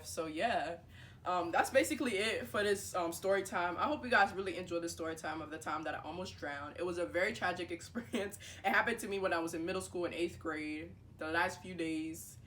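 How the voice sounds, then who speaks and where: A woman's voice: mid-range voice, fast talker, a little hiss or hum. Chatty young woman telling a story. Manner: animated, filler-heavy, acts out dialogue. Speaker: vlogger. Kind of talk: casual storytime monologue.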